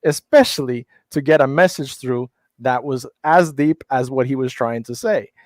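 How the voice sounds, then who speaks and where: A man's voice: mid-range voice, moderate pace, darkish tone, no room sound. A middle-aged man speaking in a casual panel discussion, heated and profane, often restarting his sentences.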